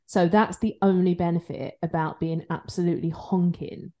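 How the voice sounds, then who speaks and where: A woman with a slightly low voice chats on a podcast. She pokes fun at herself and laughs often. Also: steady tone, moderate pace, dark tone. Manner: self-deprecating, laughs often. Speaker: podcast co-host. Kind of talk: casual chat.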